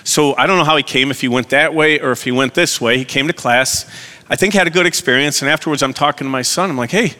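Male lay preacher, conversational and self-deprecating sermon delivery, bright voice. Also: medium pitch, fast. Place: church. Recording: long hall reverb.

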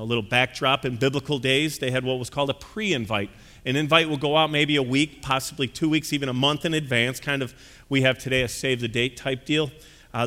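A man's voice: mid-range voice, sharp tone, big-room sound. A male pastor preaching a sermon in a folksy, conversational way with frequent fillers.

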